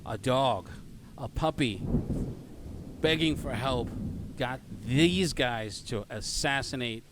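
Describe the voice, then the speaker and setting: A man's voice: mid-range voice, animated, slow pace, background noise. A man narrating a tabletop game as game master, hesitant with many fillers and self-corrections.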